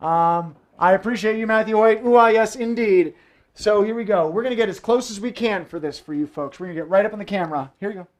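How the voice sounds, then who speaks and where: Speaking quickly in a high voice, a man hosts a live variety show from home and performs fire tricks himself. His delivery is jokey and playful, peppered with theatrical asides.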